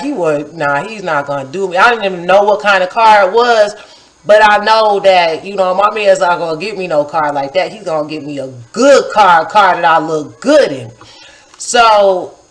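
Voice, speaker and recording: Woman about 40 telling a story, chatty and animated, lots of "like" and "you know". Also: medium pitch, rough recording. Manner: acts out her own past remarks in a livelier voice. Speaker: poet and vlogger. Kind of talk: casual personal storytelling.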